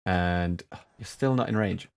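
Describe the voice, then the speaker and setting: A man streaming a strategy game, chatting with viewers between sudden excited outbursts. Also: low-pitched, a little slow, vocal fry, smooth. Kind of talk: live gameplay commentary.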